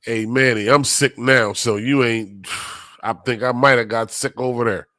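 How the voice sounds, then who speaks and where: A man's voice: mid-range voice, fairly even intonation, a little slow, sharp tone, dry recording. A man hosting a live stream while feeling sick, chatting casually with viewers in loose slang and greeting them by name. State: sick, under the weather.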